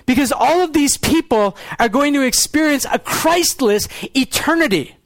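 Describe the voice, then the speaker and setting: A young adult man preaching a sermon as pastor, earnest, moving between quiet, lower lines and quick, pointed rhetorical runs. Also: expressive, dry recording.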